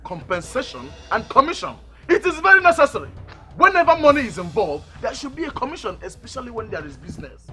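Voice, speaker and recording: Guy doing a brash nigerian hustler, super high lively voice, music under it. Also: fast, heavily acted. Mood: defiant. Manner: brash, argumentative. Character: greedy cheeky young man taking cuts. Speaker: actor.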